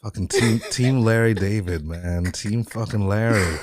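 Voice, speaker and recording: A man co-hosting a casual podcast chat, relaxed and joking, swearing freely. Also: on the low side, a little slow, dry recording, studio quality. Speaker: podcast co-host.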